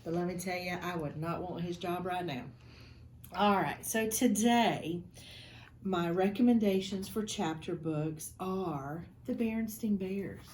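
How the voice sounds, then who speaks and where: A woman reading a picture book aloud to schoolchildren in a school office, chatty and expressive. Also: lowish voice, unhurried, slight background noise.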